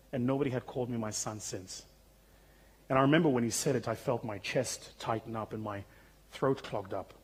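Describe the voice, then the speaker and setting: Husky South African man telling stories on stage. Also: mid-range voice. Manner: humorous, conversational, vivid storytelling. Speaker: keynote speaker. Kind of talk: storytelling keynote speech. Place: conference stage.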